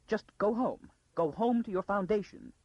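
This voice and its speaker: A man voicing a frightened, frantic noblewoman who pleads urgently, with a gravelly, husky edge. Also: sits high, moderate pace, no echo, muffled recording, voice pushed up. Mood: frantic urging.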